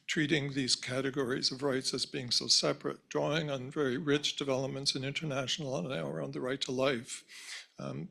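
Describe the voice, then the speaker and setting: Hoarse guy at a university panel, gravelly and husky, keeps clearing his throat, careful earnest talk. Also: mid-range voice, bright, forceful tone. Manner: measured, earnest, with restarts. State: hoarse, losing voice. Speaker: symposium panelist. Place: university lecture hall.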